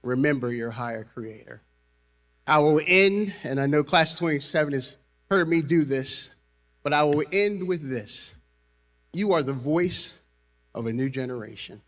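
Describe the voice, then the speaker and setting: A man's voice: on the high side, expressive, unhurried, a bit bright. A man giving a convocation speech as university president, rousing the crowd and leading call and response.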